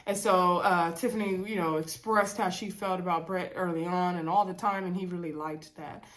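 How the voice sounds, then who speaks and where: A woman's voice: lowish voice, moderate pace. Woman with a stuffy head, casual vlog recap, laid-back, chatty, says "y'all" a lot. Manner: relaxed Southern-leaning casual talk with fillers and "y'all". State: congested from a cold. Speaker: reality TV recap vlogger.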